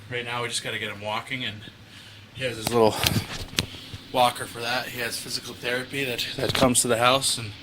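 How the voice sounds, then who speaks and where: A man in his thirties, talking to his handheld camera at home in a loose, rambling way, often restarting his sentences. His voice sits at a middle pitch. Clear household noise runs behind him. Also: little pitch movement, a little fast. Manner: rambling, self-correcting, chatty. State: out of breath. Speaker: vlogger. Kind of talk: casual vlog talk to camera. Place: inside a house.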